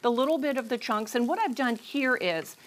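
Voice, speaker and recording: A woman's voice: fairly high pitch, lively intonation, brisk. A woman demonstrating recipes as a dietitian guest in a chatty, upbeat TV cooking segment.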